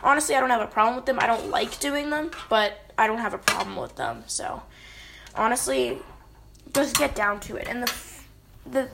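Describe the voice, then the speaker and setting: Woman, hockey referee, casual advice, slightly high voice, vocal fry. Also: expressive, normal speed, noisy background. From British Columbia, Canada. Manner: chatty, leans on "basically" and "right?".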